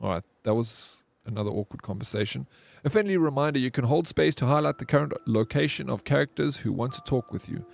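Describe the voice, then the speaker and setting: Gravelly, laid-back game streamer. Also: male voice, mid-range voice, lively intonation, fast talker. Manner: laid-back, chatting with viewers. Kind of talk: casual live-stream gameplay chat.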